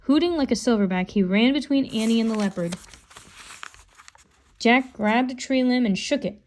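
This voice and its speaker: Woman, storybook reader, calm, unhurried, children's book narration. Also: on the high side, slight background noise. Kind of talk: reading a children's book aloud.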